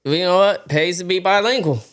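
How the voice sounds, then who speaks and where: A man's voice: high voice, normal speed, a bit bright. A man hosting a podcast in casual chat, laid-back and joking, with lots of slang. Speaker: podcast host.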